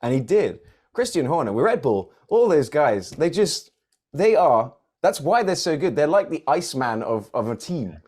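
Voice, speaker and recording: Casting: playful male podcast co-host, higher voice that jumps around a lot. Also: breathy edge. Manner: animated, jokey, quick to mimic others. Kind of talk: casual chat.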